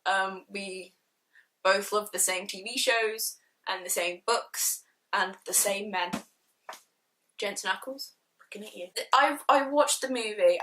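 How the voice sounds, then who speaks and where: A woman's voice: mid-range voice, a little slow, sharp tone, low-quality recording. A woman from Shropshire chatting casually through book reviews in a gushing, slangy, self-mocking way. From Shropshire, England. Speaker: book vlogger.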